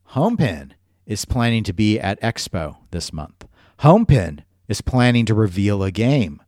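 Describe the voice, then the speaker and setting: A man's voice: lowish voice, big pitch swings, unhurried, darkish tone, no room sound, clean studio sound. A man hosting a casual podcast chat, talking in a digressive, jokey way. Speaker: podcast host.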